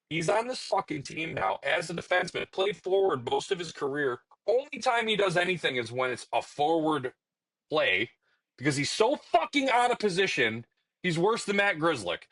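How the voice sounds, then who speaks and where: A man's voice: on the high side, a bit bright, no echo, low-quality recording. A young man co-hosting a casual hockey podcast, ranting in an exasperated, profane way about his team. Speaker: podcast co-host. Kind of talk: casual chat.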